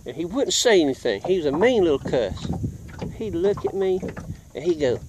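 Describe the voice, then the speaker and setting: A man's voice: fairly high pitch, normal speed, background noise. Folksy man spinning a yarn. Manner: folksy, animated, acts out voices and sounds. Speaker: vlogger telling a childhood story while fishing. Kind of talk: casual storytelling. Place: outdoors on the water, fishing.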